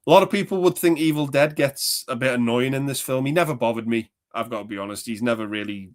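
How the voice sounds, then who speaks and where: A man's voice: mid-range voice, quick pace. Enthusiastic swearing man chatting films. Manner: enthusiastic, swears often, quotes film lines in impressions. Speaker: podcast co-host. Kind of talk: casual movie chat.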